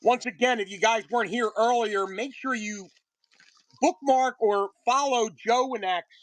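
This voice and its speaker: Live-stream seller, casual chat, slightly hoarse voice, repeats the pitch, dry sound. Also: measured pace, no room sound, poor audio. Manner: chatty, greets viewers by name, repeats sales pitch. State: voice getting hoarse. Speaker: host of a live card-break sales stream.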